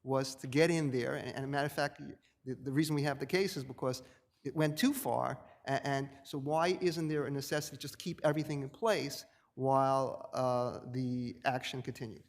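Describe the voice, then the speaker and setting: A male appellate judge questioning an attorney, probing and pressing, with halting restarts. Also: mid-range voice, steady tone. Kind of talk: questioning counsel in court. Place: appellate courtroom. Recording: reverberant courtroom sound.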